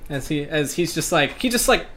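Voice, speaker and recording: Man, game master, rambling narration, lots of fillers, bright tone. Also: a little high, lively intonation, moderate pace.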